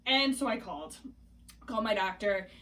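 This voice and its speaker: A young pregnant woman telling a story in a casual vlog, chatty and animated, laughing often and hiccuping now and then. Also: medium pitch, moderate pace, distant mic. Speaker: vlogger.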